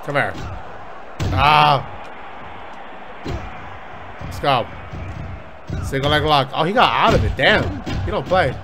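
Male gamer, fairly high voice, cursing and hyped, game music underneath. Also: takes it slowly, pauses often. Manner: excitable, profane, yelling at the game. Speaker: gaming YouTuber. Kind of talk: let's-play commentary.

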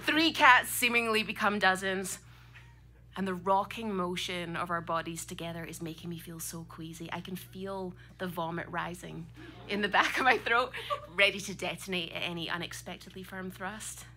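A woman's voice: on the low side, moderate pace, bright, forceful tone. A Scottish woman around thirty performing a personal story live on a club stage, with a vivid, comic, dramatic delivery. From Scotland.

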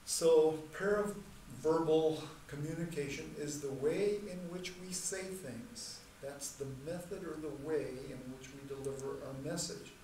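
A man teaching a church class in a measured, deliberate way, repeating key points and slowing down to stress terms. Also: on the high side, a little mellow. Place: church hall. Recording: echoey room, mic far off, faint noise.

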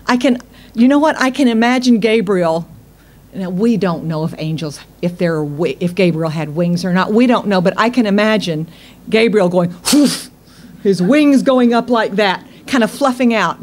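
A woman's voice: mid-range voice, darkish tone. A woman preacher giving a sermon, tired, with playful laughing asides and acted-out quotes.

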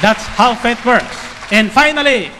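Slow, high-voiced preacher in a hall. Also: male voice, noisy background. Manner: storytelling, asks the crowd for "Amen?". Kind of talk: sermon. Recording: echoey hall with long reverb.

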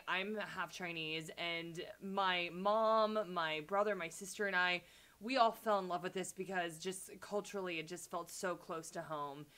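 A woman's voice: mid-range voice, sharp tone. A young woman hosting a casual trailer reaction video, chatty and gushing, with lots of ums and likes. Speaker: YouTube reaction host.

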